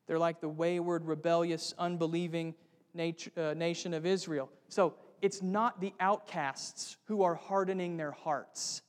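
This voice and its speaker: A man preaching from the pulpit with a high, ringing voice. He speaks earnestly and keeps turning to his listeners with questions. Long reverb trails his words through the hall. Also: fairly even intonation, unhurried. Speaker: pastor. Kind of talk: sermon.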